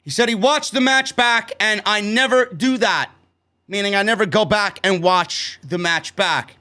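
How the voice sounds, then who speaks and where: High pitched guy ranting about wrestling, swearing nonstop, sharp bright voice. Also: measured pace. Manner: heated, swears constantly. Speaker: wrestling show reviewer. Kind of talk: profane ranting show review.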